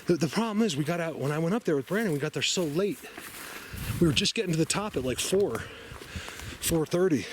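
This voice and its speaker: A man vlogging outdoors in a forest, talking casually to camera in an excitable, rambling way and laughing often. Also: on the high side, slight background noise.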